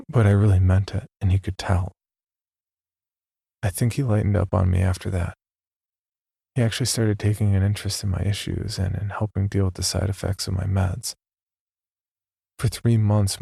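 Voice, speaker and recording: A man narrating a first-person horror story in a slow, measured, scripted delivery. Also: warm tone, dry recording, studio quality. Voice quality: deep gravelly voice.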